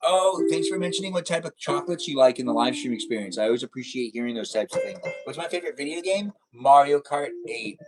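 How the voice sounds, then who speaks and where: A man's voice: medium pitch, fast, hardly any pauses. A man hosting a live stream, chatting casually with viewers in a silly, teasing way. He jokes around as he answers their comments. Faint music plays in the background.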